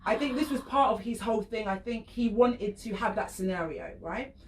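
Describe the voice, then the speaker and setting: A woman's voice: on the high side, normal speed, echoey room, recorded from a distance. Storytelling woman, a little off mic. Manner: animated storyteller, laughs often, acts out voices. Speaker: professional dominatrix, radio guest. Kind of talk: casual radio chat, storytelling.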